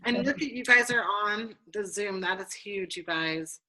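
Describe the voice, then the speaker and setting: A woman's voice: mid-range voice, measured pace, sharp tone, low-quality recording. A woman leading a team training over a video call, chatty and bubbly with lots of fillers. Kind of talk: casual chat.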